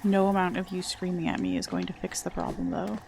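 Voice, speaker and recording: A woman's voice: on the low side, very animated, a little fast, music in the background. A young woman chatting casually and muttering to herself while live-streaming a video game, self-deprecating and chatty.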